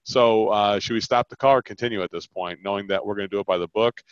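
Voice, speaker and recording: A man's voice: lowish voice, fast, clean tone, no room sound. Guy coaching on a call, acts out customer and tech, kinda muffled and dry. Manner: animated, acts out both sides of a sales call. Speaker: sales coach. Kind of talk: coaching call, role-playing sales talk. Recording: dull lo-fi call audio.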